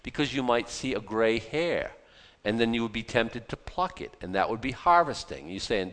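A man with a medium-pitched voice, speaking at normal speed, preaches in a casual Bible-teaching style. He's animated and joking, tossing out rhetorical questions and wry asides.

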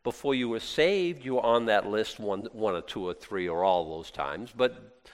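A man preaching an expository sermon, fervent and emphatic, swinging between hushed asides and exclamatory praise. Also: fairly low pitch, moderate pace, long reverb tail. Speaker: pastor.

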